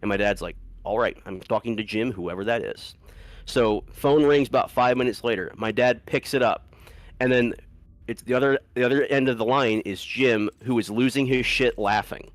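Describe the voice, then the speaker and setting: A man's voice: mid-range voice, moderate pace, no echo. A man casually telling a long story to friends, rambling, swearing freely and often breaking into laughter.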